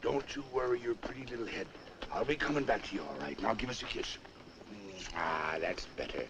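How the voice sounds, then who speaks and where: A man's voice: medium pitch, a little fast, close to an everyday voice. A man in an old film playing a drunken, sweet-talking soldier who coaxes and teases his girl before leaving. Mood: boozy tender. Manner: coaxing, teasing, theatrical. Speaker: film actor. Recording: noisy old film soundtrack.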